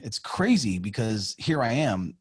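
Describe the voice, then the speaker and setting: Male podcast guest, husky tone, highly animated, salty language. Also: measured pace. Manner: animated, swears freely, acts out quotes. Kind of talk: casual podcast chat.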